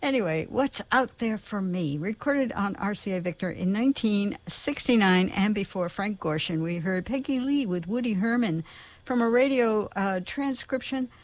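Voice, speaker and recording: A woman's voice: mid-range voice, expressive, normal speed, no echo. A woman talks casually between records as a radio host, chatty and enthusiastic, with small joking asides. Her voice sits in the middle, close and dry with no room sound.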